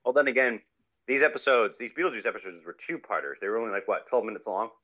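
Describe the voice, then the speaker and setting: A man co-hosting a casual cartoon chat, jokey and quick to slip into silly voices. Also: on the low side, sharp tone. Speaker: podcast co-host. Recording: dull lo-fi mic.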